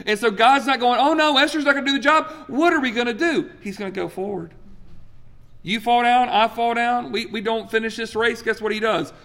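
A man in his forties preaches a sermon with a fairly high voice. He is animated, jumping up in pitch as he acts out the voices he quotes, then dropping low and quiet for weight. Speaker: pastor.

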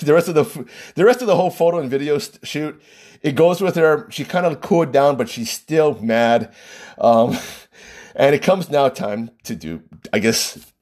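Male storyteller, husky and lively, wedding-planner type, chuckles through his anecdote. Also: a little high. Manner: animated, laughs between lines.

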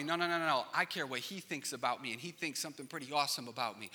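A man in his thirties preaches to a congregation with a bright, forceful voice that sits a little high for a man. He tells stories with animated, acted-out voices and moves between loud peaks and near-whispered passages. His words carry a long reverb from a large church hall. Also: fast talker, few pauses. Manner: animated storytelling, acts out panicked voices, swings from loud to hushed. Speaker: pastor. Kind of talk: sermon.

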